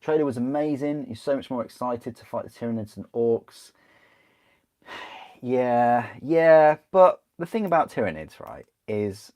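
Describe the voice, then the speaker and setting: A man's voice: mid-range voice, lively intonation, moderate pace, darkish tone. A man chatting casually on a livestream while building a model kit, rambling, answering chat and laughing often.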